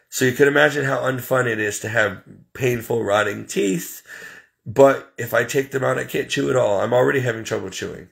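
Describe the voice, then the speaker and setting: A vlogger vents casually to camera, listing his troubles to viewers in a plain-spoken, exasperated way. His voice is fairly low, creaky, and a bit bright.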